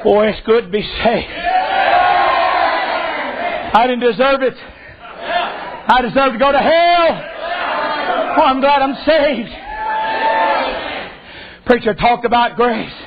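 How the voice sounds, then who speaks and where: A middle-aged man preaching a shouted revival sermon, fervent and rhythmic, repeating phrases. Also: very high-pitched, expressive, slow, long pauses, a loud crowd, very noisy. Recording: lo-fi church recording with congregation. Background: responding congregation.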